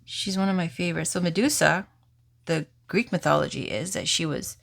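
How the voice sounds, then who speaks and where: A woman's voice: lowish voice, moderate pace, creaky, a bit bright. A woman giving a casual, chatty tarot reading, rambling and swearing now and then. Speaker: tarot reader.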